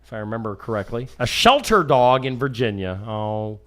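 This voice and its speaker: Lively jokey male radio host. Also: medium pitch, normal speed. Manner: jokey, reads odd news stories and puts on silly voices. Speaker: morning show host. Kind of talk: casual radio show banter.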